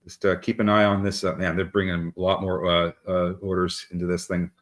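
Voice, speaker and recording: A man with a low voice talks through price levels on a live trading stream. He halts often and fills gaps with little filler sounds as he watches the charts. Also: level tone. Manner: halting, many filler sounds. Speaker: co-host of live market show.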